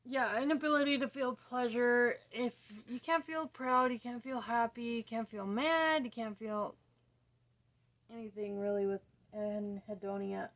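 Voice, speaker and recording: A young woman talking casually to camera, slow and soft-spoken, her sentences often trailing off quietly. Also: a little high. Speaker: vlogger. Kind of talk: casual talk to camera about her own condition.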